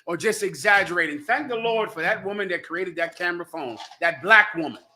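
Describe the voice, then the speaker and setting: A man with a bright, fairly high voice speaks on a stream panel. He builds his argument point by point in a steady, lecturing tone. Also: brisk. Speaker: panel guest. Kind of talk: discussion on a live stream.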